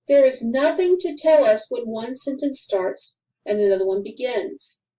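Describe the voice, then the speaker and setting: A woman reading a grammar lesson for children aloud, in a careful, deliberate way with clear pauses. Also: on the high side, lively intonation, warm tone, distant mic, low-quality recording. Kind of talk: slow scripted instructional narration.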